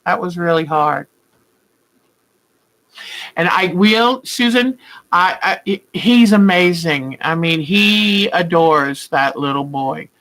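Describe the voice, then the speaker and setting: Greeting viewers by name during a casual live chat, an older woman hosting a quilting video talks warmly, with rambling asides. Her fairly low voice moves at a slow pace, captured in a rough recording.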